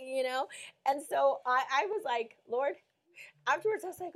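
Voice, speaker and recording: A woman's voice: high-pitched, moderate pace. A woman on a Christian talk show telling a story with lots of acted-out quotes and frequent laughter. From Mexico. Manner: animated storyteller, acts out quotes, laughs often.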